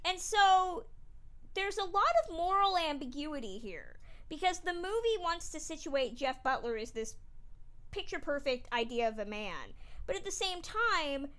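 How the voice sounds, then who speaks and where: A woman co-hosting a podcast, chatting casually about an old film, animated and emphatic, sometimes laughing as she talks. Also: sits high, moderate pace. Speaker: podcast co-host.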